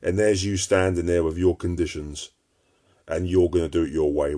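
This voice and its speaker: A man preaching informally to his viewers, blunt and scolding, swinging between loud warnings and low, intense tones. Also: steady tone, moderate pace.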